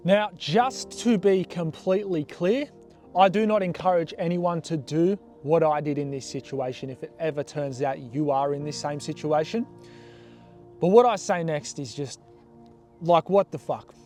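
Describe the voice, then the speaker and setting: A young man telling a story from his past in a casual, animated way, blunt and swearing freely. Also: fairly high pitch, moderate pace, faint music behind. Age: young adult.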